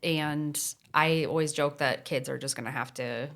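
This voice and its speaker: Thirties mom, co-host, very low voice, plainspoken and easygoing. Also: female voice, steady tone, moderate pace, vocal fry, fairly bright tone. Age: 30s. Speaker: podcast co-host. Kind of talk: casual chat.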